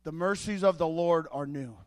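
A man's voice: on the high side, normal speed. A man preaching a sermon as pastor, emphatic, building his points with repeated rhetorical questions.

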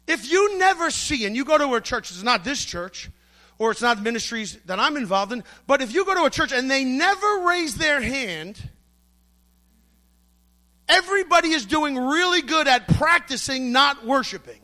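A man's voice: very high-pitched, lively intonation, moderate pace, pushed and bright. A middle-aged man preaching a sermon, emphatic and storytelling, acting out the voices he quotes.

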